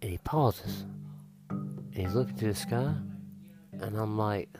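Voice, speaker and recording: Slow-talking guy telling a funny story, stammers, music in the background. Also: fairly low pitch. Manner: animated, stammering retelling. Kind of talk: comic storytelling.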